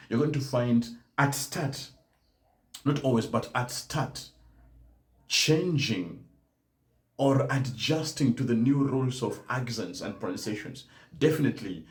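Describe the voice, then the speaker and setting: A Kenyan man teaches German learners in a live-stream talk, speaking emphatically and often tagging his points with "right?". His mid-range voice has a darkish tone and sounds reverberant.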